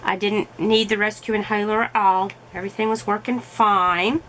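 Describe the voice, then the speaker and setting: A woman's voice: medium pitch, steady tone, normal speed, fairly bright tone, slight background noise, rough recording. A middle-aged woman vlogging casually while crafting, telling a story in a chatty way with fillers as her voice recovers.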